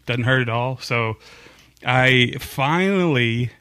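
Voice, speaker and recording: Bright-voiced jokey male podcast host. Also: medium pitch, slow, clean tone, no echo. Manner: jokey, laughs often. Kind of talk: casual chat.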